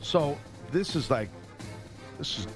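A man's voice: on the high side, lively intonation, slow, over music. A man co-hosting a sports radio show, rambling in casual chat, laughing often and talking trash about his lead.

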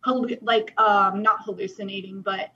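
A woman's voice: mid-range voice, steady tone, moderate pace, bright, forceful tone, muffled recording. Emotional young woman sharing her testimony. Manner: earnest, emotional, frequent "like" fillers. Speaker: guest. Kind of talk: personal testimony in a podcast interview.

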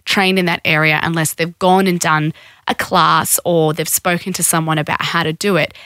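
A woman's voice: deep voice, level tone, fairly bright tone, clear, resonant tone, dry recording, studio quality. A woman, a guest in a podcast conversation, explaining in a frank, matter-of-fact way. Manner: frank, explanatory, acts out quick quoted voices. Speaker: sex educator guest.

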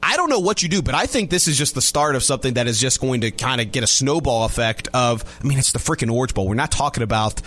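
A man's voice: medium pitch, animated, fast, hardly any pauses, fairly bright tone. Rambling male sports radio host. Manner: rambling, repeats and restarts phrases. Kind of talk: casual sports talk radio.

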